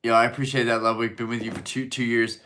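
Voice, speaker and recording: A young adult man hosting a live stream, chatting casually and profanely while reading chat out loud. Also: medium pitch, flat delivery, fast.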